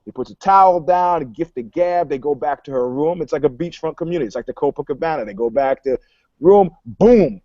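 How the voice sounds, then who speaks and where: Panelist, male, a bit high-pitched, wry storyteller; dry, dull lo-fi recording. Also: no echo. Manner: animated, wry, quick to joke. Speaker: podcast panelist. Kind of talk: casual chat, storytelling.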